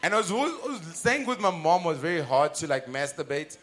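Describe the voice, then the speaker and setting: A South African man, a comedian guest, telling animated anecdotes in casual chat and laughing often. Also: fairly high pitch, brisk.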